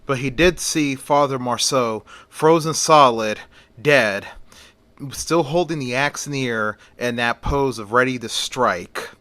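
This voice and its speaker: A man narrating a horror story in a slow, plain retelling manner. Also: medium pitch, sharp tone, no room sound.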